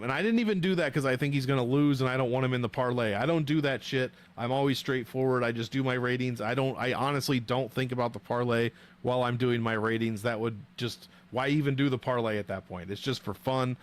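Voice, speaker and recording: A man's voice: mid-range voice, fairly quick, hardly any pauses. A young man hosting a casual livestream, joking and swearing as he banters with viewers from a home streaming setup on a desk mic. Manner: profane, joking, animated banter. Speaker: livestream host rating fighter nicknames.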